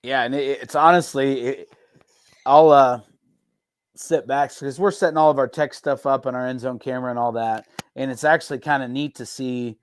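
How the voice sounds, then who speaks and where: A man, a head football coach talking casually on a podcast in a relaxed, rambling way with many restarts. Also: medium pitch, normal speed, no room sound.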